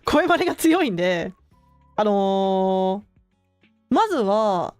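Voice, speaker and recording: A young woman streamer chatting casually with her viewers, relaxed and full of filler words, often laughing between thoughts. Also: mid-range voice, a little slow, clear, resonant tone, no room sound, soft background music. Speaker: streamer hosting her own channel.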